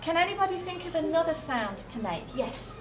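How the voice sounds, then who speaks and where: A woman's voice: extremely high pitch, sing-song, fairly quick, distant mic. A British woman teacher leading young children through a sound game, encouraging them and making animal and buzzing noises, recorded from across a classroom. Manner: encouraging, drawn out, sound effects. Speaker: primary school teacher. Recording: echoey classroom from afar, noisy.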